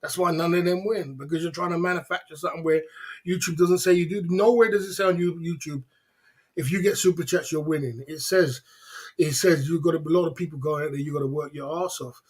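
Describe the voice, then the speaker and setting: A man's voice: fairly high pitch, fairly even intonation, brisk, a little mellow, slightly rough. A man hosting a casual livestream, talking in a preachy, repetitive way full of rhetorical questions. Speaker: livestream host.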